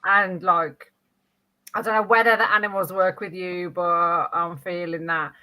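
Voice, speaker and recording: A woman with a bright, forceful voice giving card readings in a casual session. She talks with eager enthusiasm, exclaiming as she points things out. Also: on the low side, steady tone, unhurried, low-quality recording. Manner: enthusiastic and warm, exclaims often. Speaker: spiritual card reader.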